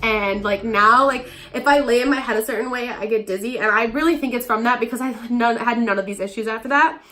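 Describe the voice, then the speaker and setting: Bright-voiced chatty young woman. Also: fairly high pitch, fairly quick. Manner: chatty, animated, heavy filler "like". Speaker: vlogger. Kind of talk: casual storytime monologue. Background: faint background music.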